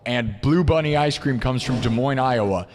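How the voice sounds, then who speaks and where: An American man hosting a live music stream, rambling in a casual, excitable rant full of "dude" that swings from low mumbles to loud bursts. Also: normal speed, big-room sound. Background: faint looped music.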